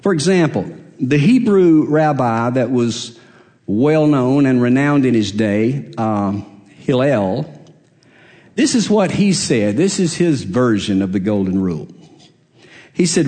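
A man's voice: medium pitch, expressive, slow, dark tone. A man preaching a sermon, emphatic, repeating his phrases and asking rhetorical questions.

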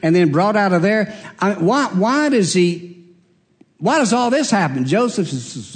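Earnest man preaching with dramatic hushes. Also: very animated, a little slow. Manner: emphatic, rising high then dropping to near-hush; earnest and confessional. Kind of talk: sermon.

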